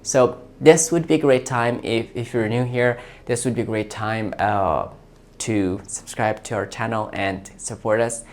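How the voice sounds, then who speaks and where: A man hosting a tech video, talking informally and eagerly, often halting and repeating words as he chats with an AI assistant and his viewers. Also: on the low side, fairly even intonation. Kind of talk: casual talk to an AI voice assistant and to viewers.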